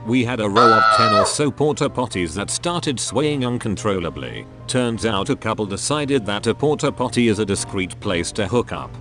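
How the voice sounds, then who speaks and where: A man reading online posts aloud in a flat, even manner. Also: fairly low pitch, moderate pace, few pauses. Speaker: story reader. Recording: with music behind.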